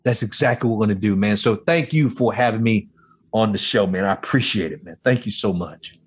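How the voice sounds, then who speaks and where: A man's voice: fairly low pitch, a little fast, breathy edge. A man as a podcast guest giving an emotional personal testimony with a fervent, preacher-like delivery.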